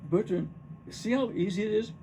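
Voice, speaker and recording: A man's voice: high voice, moderate pace, noisy background, pitched above the performer's own voice. A man reading the part of a cheerful, coaxing woman who runs a pantomime, at a play rehearsal. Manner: encouraging, playful, sing-song. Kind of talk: rehearsal read-through.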